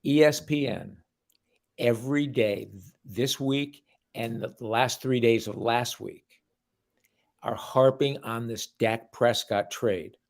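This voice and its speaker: A man co-hosting a sports chat at a middle pitch, mostly chiming in with short reactions. When he gets going, he sounds fed up and complains at length. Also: slow, vocal fry. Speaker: co-host. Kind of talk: casual sports talk.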